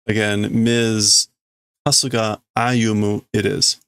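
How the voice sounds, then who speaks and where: Slow, gravelly man thinking aloud. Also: fairly low pitch, little pitch movement, fairly bright tone, no echo. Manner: hesitant, thinks aloud with restarts and self-corrections. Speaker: livestreamer. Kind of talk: casual live-stream, reading and translating a manga aloud.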